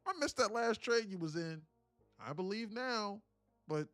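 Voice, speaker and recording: A man live-streaming his day trading, telling a story in an animated, profane, rambling way with frequent restarts. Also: high-pitched, measured pace, clean tone, no room sound, soft background music.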